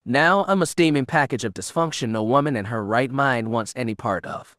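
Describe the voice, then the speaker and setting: A man giving voice to a frustrated, overworked young Jedi in an audiobook, sharp and bitter in tone. The voice sits in a plain middle register and the recording is close and dry. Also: mid-range voice, fairly quick, no echo, natural voice. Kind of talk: audiobook character reading.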